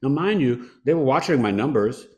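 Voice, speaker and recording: A man in his fifties, a podcast guest, telling a personal story in a conversational, animated way and laughing now and then. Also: mid-range voice, moderate pace. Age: 50s.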